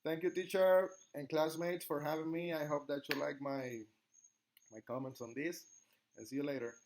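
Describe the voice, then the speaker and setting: A young man with a Spanish accent, a native Spanish speaker from Latin America, giving an earnest, halting class presentation as a student. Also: a little high, fairly even intonation, slight background noise, low-quality recording. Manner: earnest, halting, reads questions aloud.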